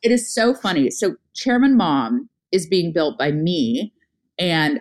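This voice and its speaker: A middle-aged woman telling a story in casual conversation, talking fast with lots of filler words and acting out what people said. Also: on the low side, expressive, a little mellow. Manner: fast, chatty, lots of "like" fillers, acts out her own past lines. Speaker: guest, startup founder.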